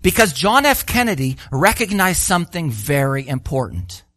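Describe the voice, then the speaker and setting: A man preaching a sermon, animated and full of rhetorical questions, acting out the voices he quotes. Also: a little high, moderate pace, dry recording, clean studio sound.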